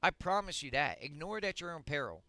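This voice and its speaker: A man streaming a game, delivering a blunt, profane rant that swings up to shouting. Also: on the high side, big pitch swings, quick pace, no echo, poor audio. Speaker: gaming streamer. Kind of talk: ranting monologue on a livestream.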